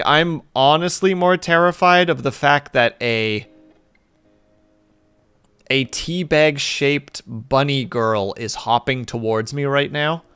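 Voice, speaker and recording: A man's voice: mid-range voice, a bit bright, clean tone, no echo, clean studio sound. A man streaming live, chatting casually and rambling with his viewers in a self-deprecating way.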